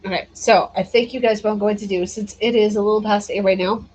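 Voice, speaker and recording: A woman's voice: mid-range voice, steady tone, fast talker, a little mellow, a little hiss or hum, poor audio. A tired woman chatting casually on a gaming livestream, reading and answering viewer comments and laughing often. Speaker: gaming streamer.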